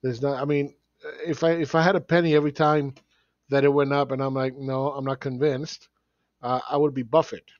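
A man's voice: medium pitch, flat delivery, fairly quick, dry recording, lo-fi sound. A man hosting his own market commentary video, talking bluntly and sarcastically and chuckling often as he walks through charts. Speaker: market analyst host.

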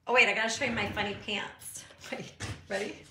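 A woman's voice: medium pitch, fairly even intonation, fairly quick, sharp tone, echoey room, slight background noise. A middle-aged woman hosting a casual live chat from her art studio, gushing and encouraging her viewers, with plenty of fillers along the way. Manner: chatty with frequent fillers.

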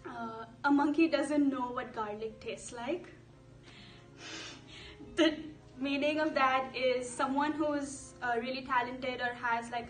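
A young woman, a student, introducing herself casually and explaining a saying, with a few ums. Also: sits high. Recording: roomy, distant mic, faint music.

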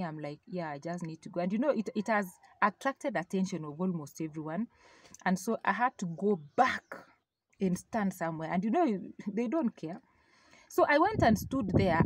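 A woman with a Kenyan accent giving a personal faith testimony, telling her story in an animated way and slipping Swahili phrases into her English. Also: mid-range voice, no room sound.

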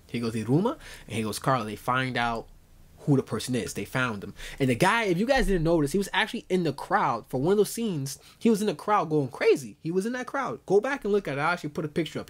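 A man with a slightly high voice talks through an anime episode in a loose, excited way. He keeps tossing in "you know" and "dude" as he goes, chatty and animated. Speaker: anime reviewer. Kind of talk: casual recap commentary.

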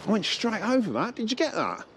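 A man hosting a hidden-camera prank as a fake repo agent, brash and insistent, urging people to calm down. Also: high-pitched, fairly quick, background noise. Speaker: prank show host posing as repo agent. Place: outdoors on a residential driveway.

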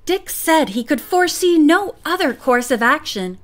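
High-voiced woman narrating a mystery novel. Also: big pitch swings, moderate pace. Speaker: audiobook narrator. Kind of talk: audiobook narration.

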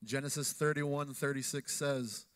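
A man teaching in a sermon, steady and measured as he reads and explains scripture. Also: medium pitch, clean tone, no echo. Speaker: co-pastor.

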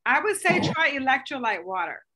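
A woman fitness coach leading a casual group video call, upbeat and encouraging, talking in quick asides. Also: high voice, big pitch swings, heavy background noise.

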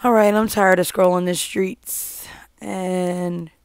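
A woman with a cold and a hoarse voice, chatting casually on a live stream and giving homespun advice. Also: lowish voice, fairly even intonation, slow, heavy background noise.

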